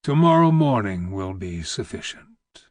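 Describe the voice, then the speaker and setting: A man voicing a deep growling old grand vizier. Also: very animated, no echo. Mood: grave. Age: older. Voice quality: very deep rumbling growl, almost a whisper. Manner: slow, grave and weighty. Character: old heavy weary Ottoman grand vizier. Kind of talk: audiobook reading.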